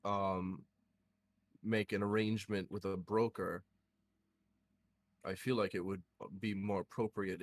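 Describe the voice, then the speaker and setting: A man voicing a hesitant male adventurer in a tabletop game, who talks in halting stops and restarts full of fillers. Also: fairly low pitch, pitched below the performer's own voice, natural voice. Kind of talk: tabletop role-play in character.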